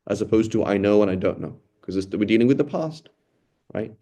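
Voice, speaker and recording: A man's voice: lowish voice, a little fast, mellow. A middle-aged man teaching an informal lecture on Quran study, talking conversationally and often checking in with "right?". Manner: conversational, thinks aloud with frequent "right?" and restarts. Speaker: religious teacher.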